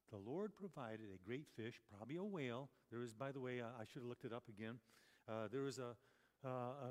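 A man's voice: mid-range voice, darkish tone. A man preaching a conversational sermon, chatty and full of rhetorical questions and self-corrections. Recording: long reverb of a large hall.

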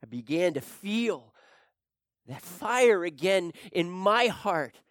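A man tells a grieving tale in a slow, deliberate monologue. He drops into hushed whispers and rises into anguished cries. The recording is close and dry, with no room sound. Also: high voice, animated, no echo. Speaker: storyteller. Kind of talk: dramatic first-person monologue.

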